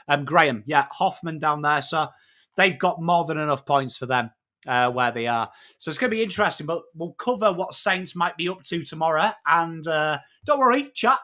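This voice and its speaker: An English man hosting a live footy stream, chatting matily with viewers and breaking down trades, swearing now and then. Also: a little high. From England. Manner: matey, excitable, swears freely, greets chat by name. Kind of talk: casual live-stream chat and trade analysis.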